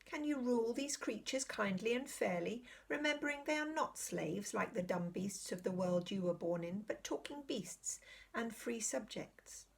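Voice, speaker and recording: A woman's voice: on the high side, expressive, creaky. A woman doing Aslan, a grave lion king. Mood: solemn. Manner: slow, solemn, commanding. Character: great solemn male lion king, grave and kind.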